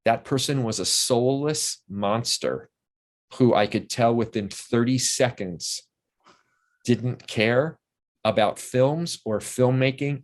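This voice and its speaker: An older man, a guest in a casual interview, telling long, enthusiastic anecdotes full of restarts. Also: on the low side.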